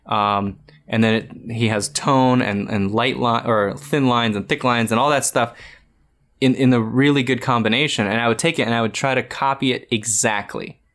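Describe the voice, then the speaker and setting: A man's voice: medium pitch, steady tone, moderate pace, fairly bright tone. 30s guy chatting about drawing, rambly, lots of restarts. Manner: rambling, frequent restarts and fillers. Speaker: art podcast co-host. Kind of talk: casual chat giving drawing advice.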